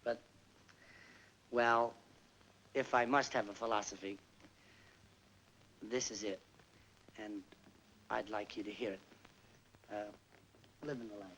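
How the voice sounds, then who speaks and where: A man's voice: on the low side, fairly even intonation, slow, long pauses, a bit bright, a little hiss or hum, rough recording. An actor playing a self-mocking male entertainer just home from army service, telling a wry story with comic timing in a 1950s film stand-up monologue. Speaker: stage entertainer.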